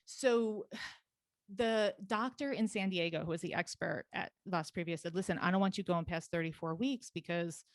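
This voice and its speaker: A woman talking as a podcast guest, telling a personal story in a rapid, animated way and laughing often. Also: lowish voice, no echo. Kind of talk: casual interview storytelling.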